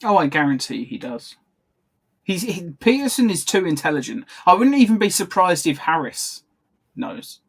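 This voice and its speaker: A man's voice: sits high, very animated, moderate pace, breathy edge. A man co-hosting a podcast, talking casually over a video call and often stopping to correct himself. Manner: chatty, self-correcting, laughs often. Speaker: podcast co-host. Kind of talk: casual commentary chat.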